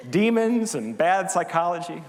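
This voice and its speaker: A man's voice: high-pitched, big pitch swings, measured pace. An older man, a pastor, preaching a sermon as a candid, heartfelt personal testimony. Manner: candid storytelling, confessional and heartfelt. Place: church sanctuary. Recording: long hall reverb.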